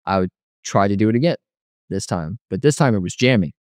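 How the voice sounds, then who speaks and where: A man's voice: fairly low pitch, expressive, a little fast, a little mellow, no room sound. A man giving a personal testimony as an interview guest, rambling and filling his speech with frequent "you know.". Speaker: guest telling his life story.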